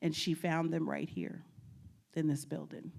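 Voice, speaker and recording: A woman from New York talks to an audience as a guest speaker, telling stories from her family research. Her voice sits on the lower side, and she delivers it in an animated way, laughing often and playing out what her relatives said. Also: measured pace, creaky. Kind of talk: storytelling presentation. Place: lecture at a state archives building.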